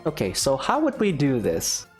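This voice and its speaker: A man's voice: medium pitch, wildly swooping pitch, normal speed, over music. A young man casually commenting on his gameplay, explaining each move step by step. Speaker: game channel host.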